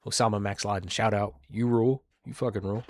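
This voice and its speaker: Lower-voiced man riffing crudely. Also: steady tone, quick pace, no room sound, clean studio sound. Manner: crude, rambling, mumbled asides. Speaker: solo show host. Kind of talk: casual reaction commentary.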